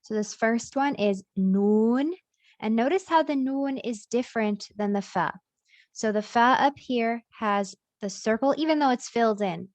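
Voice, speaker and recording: A woman's voice: medium pitch, no echo, lo-fi sound. A woman teaching a reading lesson, patiently sounding out letters and repeating each one for learners to follow. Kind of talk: slow step-by-step reading lesson.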